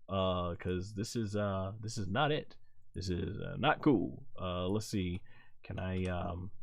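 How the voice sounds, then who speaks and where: A man with a lowish voice hosts a live stream, talking in a halting, rambling way as he works through viewers' chat messages. The sound is close and dry, with no room echo. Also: gravelly. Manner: halting and rambling, thinking aloud; reads viewers' chat messages aloud and answers them. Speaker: wrestling show reviewer and live streamer.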